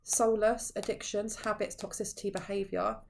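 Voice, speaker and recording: A woman gives a casual tarot reading straight to her audience. Her voice sits on the low side, and she talks in a loose, rambling way, circling back and restarting her sentences as she goes. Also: moderate pace, a little mellow, slight background noise. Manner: rambling, conversational, frequent restarts. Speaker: tarot reader.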